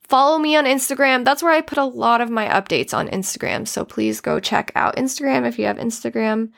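A woman's voice: fairly high pitch, fairly quick, vocal fry, fairly bright tone. A woman hosting her podcast solo, talking earnestly and getting emotional as she speaks straight to her listeners. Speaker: podcast host.

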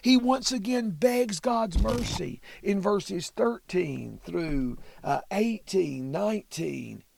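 A man hosting a Bible study podcast, who walks through a psalm verse by verse in a measured, reflective way. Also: high voice, lively intonation, creaky, darkish tone, a little hiss or hum. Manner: measured, reflective reading of scripture. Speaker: podcast host teaching the Bible.

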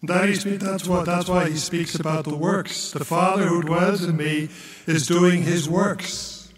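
A priest delivers a homily in an unhurried, deliberate way, his voice sitting a little high for a man. The sound is distant and echoey, as if caught from across a big church. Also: steady tone, noisy background. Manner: slow, measured preaching with chanted gospel reading.

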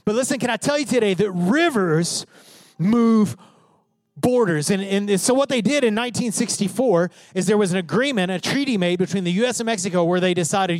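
A pastor preaching a sermon, emphatic, swinging from loud declarations to hushed asides. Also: male voice, high-pitched, animated, normal speed, no room sound.

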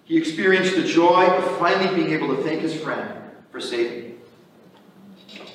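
A man's voice: a little high, moderate pace, distant mic. A priest giving an earnest sermon, preaching in a conversational way and often repeating his phrases. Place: church. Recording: echoey church hall from afar.

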